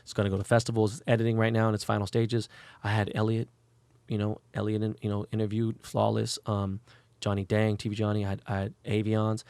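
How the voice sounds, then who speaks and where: A middle-aged man telling stories at a quick clip, swearing freely as he goes. He acts out quotes in a raised voice, and his voice sits dry and close with almost no room sound. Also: lowish voice, gravelly, smooth, dry recording. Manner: fast, profane, animated, acts out quotes in a raised voice. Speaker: guest, celebrity jeweler. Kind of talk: unfiltered storytelling in an interview.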